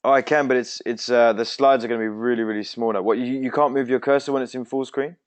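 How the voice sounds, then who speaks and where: Quick-talking co-host. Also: male voice, mid-range voice, fairly even intonation, slight background noise. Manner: polite, helpful, hesitant. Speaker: webinar co-host. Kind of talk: casual webinar chat.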